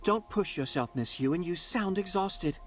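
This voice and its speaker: A man's voice: sits high, expressive, a little slow. A man voicing an earnest young male adventurer in a video game, speaking in a concerned, questioning way.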